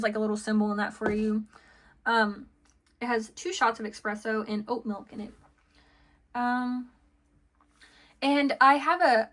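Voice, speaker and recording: Speaking in a slightly high, somewhat bright voice, a woman does a casual tarot reading. She chats and rambles, restarting often and filling gaps with fillers, laughing between ideas.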